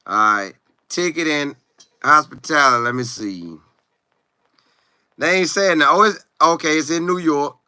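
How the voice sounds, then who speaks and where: In a casual live-stream chat, a lively sports commentary streamer with a fairly high, bright, clean voice sings, riffs, and reads viewer comments aloud. He speaks unhurriedly and pauses often, in clean studio sound without echo.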